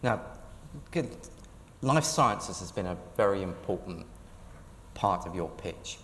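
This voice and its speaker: A man interviewing a guest on stage, asking brief, measured questions. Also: low voice, lively intonation, a bit bright. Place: large conference hall. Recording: echoey hall with faint room noise.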